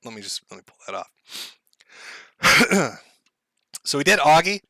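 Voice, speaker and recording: A man's voice: fairly high pitch, big pitch swings, a little slow, sharp tone, dry recording. Sardonic laughing male streamer, dry mic. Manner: sardonic, laughs often, mock-dramatic. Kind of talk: casual live-stream talk. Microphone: headphones and desk mic.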